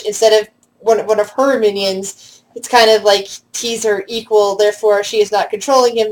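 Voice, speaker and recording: A woman narrating a tabletop role-play as game master, halting with frequent restarts. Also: fairly high pitch, low-quality recording. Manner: halting, many restarts and fillers.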